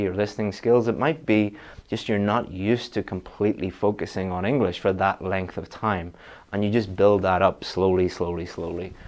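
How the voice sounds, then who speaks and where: Lower-voiced man teaching a test-prep lesson. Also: a little mellow. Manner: direct, practical advice with frequent restarts. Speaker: IELTS teacher. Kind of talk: online lesson.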